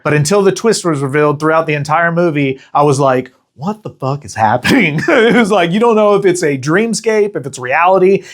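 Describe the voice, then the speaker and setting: Young man, movie review host, casual, animated, swears freely, fairly high voice. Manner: animated, profane, chatty asides.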